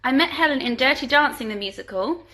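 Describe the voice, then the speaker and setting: Holding her phone at arm's length at home, a musical theatre performer runs a relaxed live Q&A for fans, reading questions aloud, chatting, giggling, and cooing at her dogs. She talks quickly in a high-pitched voice with lively intonation, and the recording is very noisy.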